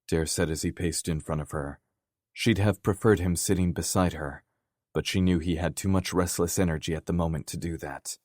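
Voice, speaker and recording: A man reading romance narration in a calm, even way. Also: low-pitched, moderate pace, no room sound, studio quality. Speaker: audiobook narrator.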